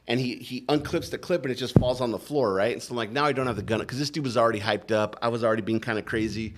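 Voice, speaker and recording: A man's voice: mid-range voice, fairly even intonation, quick pace. A man, a podcast guest, telling his story in a casual and rambling way, cursing a lot and leaning on "like" and "right?". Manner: profane, rambling, full of "like" and "right?".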